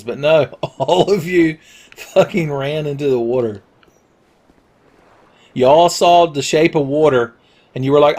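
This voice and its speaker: A man giving casual, crude, joking commentary over a video game and yelling at it at times. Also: medium pitch, moderate pace. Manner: crude, jokey, yells at the game. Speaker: Let's Play commentator.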